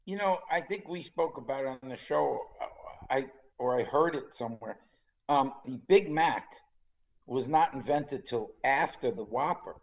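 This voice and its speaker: A man's voice: medium pitch, animated, moderate pace. A man in his sixties from Canada co-hosting a podcast, telling stories and acting out the quotes of others. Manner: storytelling, acts out quotes with a put-on accent. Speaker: podcast co-host. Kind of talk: casual chat. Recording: slightly dull lo-fi sound.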